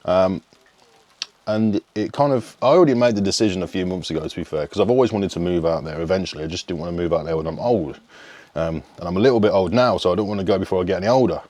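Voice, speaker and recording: Very low-voiced rambling man. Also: animated, fast, darkish tone, no echo. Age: 30s. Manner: rambling, frank, casual swearing. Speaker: fitness coach. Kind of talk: casual vlog chat.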